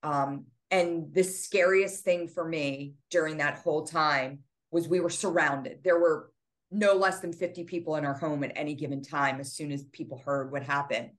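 A woman's voice: sits low, steady tone, normal speed. A middle-aged woman, a podcast guest and author, earnestly retelling a painful family loss with many fillers. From United States. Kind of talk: interview storytelling.

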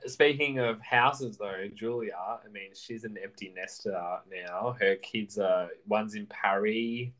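A man's voice: on the low side, measured pace, hardly any pauses, fairly bright tone. A man co-hosting a podcast, chatting casually about a reality show, laughing often and using fillers. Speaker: podcast co-host. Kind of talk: casual reality TV recap chat.

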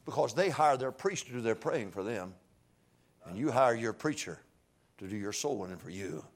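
Preacher man swinging from hush to shouts. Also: medium pitch, expressive, normal speed. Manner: swings from hushed pleading to far-off shouting; folksy, joking asides. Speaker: guest preacher. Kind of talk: revival sermon. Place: church sanctuary.

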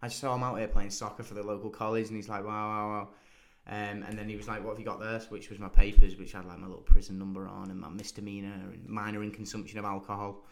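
A young British man telling stories in casual chat, animated and often laughing. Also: fairly low pitch, racing, vocal fry, hardly any pauses. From Britain. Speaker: guest.

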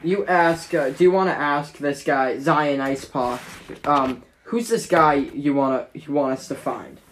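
A game master narrating a tabletop game in a rambling way, with many pauses and restarts. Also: medium pitch, a little hiss or hum.

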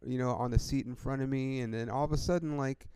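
A man's voice: mid-range voice, fairly even intonation, fast talker, background noise. A young man hosting a podcast, telling a rambling story in a laid-back, profane way, peppered with "dude" and "like". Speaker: podcast host.

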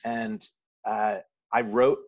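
A man's voice: on the low side, fairly even intonation, takes it slowly. A man with a neutral American accent, a guest in a casual interview, telling stories with many fillers and restarts. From New York City. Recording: muffled lo-fi audio.

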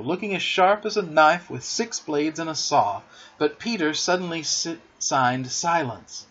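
A man narrating a storybook in an expressive, theatrical way in a dull lo-fi recording. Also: medium pitch, breathy edge.

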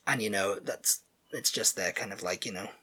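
A man's voice: lowish voice, normal speed, bright, forceful tone, breathy edge. A British man co-hosting a podcast, chatting loosely with lots of fillers and sometimes reading out show synopses. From Britain. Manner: rambling, filler-heavy, reads out show synopses. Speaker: podcast co-host. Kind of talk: casual chat.

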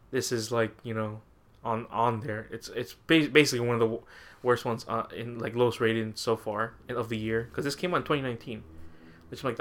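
A podcast co-host with a mid-range, fairly bright voice chats casually, rambling and laughing a lot. He often quotes his own reactions as he talks.

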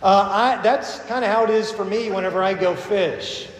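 A man's voice: high-pitched, fairly even intonation, moderate pace, slight background noise. A middle-aged man pastor giving a conversational sermon, telling stories and acting out the voices he quotes. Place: church sanctuary. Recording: echoey long reverb of a sanctuary.

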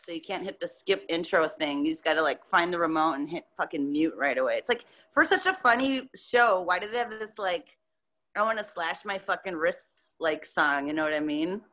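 A woman guest on a podcast, a musician, chatting casually in a loose, animated way with a lot of swearing. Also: lowish voice, brisk. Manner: loose, profane, animated storytelling. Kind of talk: casual interview chat.

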